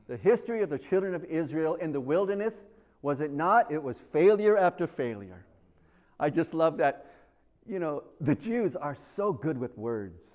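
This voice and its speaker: A man preaching a sermon, telling the story with animated swings from loud to hushed. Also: fairly high pitch.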